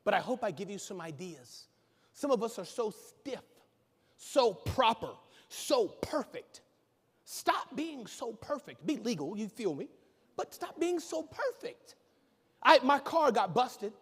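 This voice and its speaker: A man giving an energetic conference keynote, joking and bantering with the audience from the stage. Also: very high voice, a little slow, husky. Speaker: keynote speaker. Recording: echoey hall reverb.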